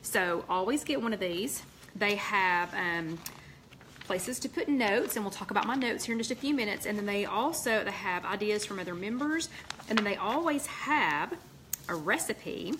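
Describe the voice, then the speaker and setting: A woman's voice: medium pitch, lively intonation, fairly bright tone, slight background noise. A woman hosting a casual livestream chat, rambling with many ums and reading out viewer comments. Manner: chatty, rambling, with many ums and quick asides. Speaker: host of a weekly weight-loss livestream chat.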